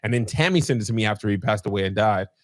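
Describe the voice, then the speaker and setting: Animated man telling a story. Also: on the low side, very fast. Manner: animated storytelling, acting out quotes. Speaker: podcast host. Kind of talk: casual chat.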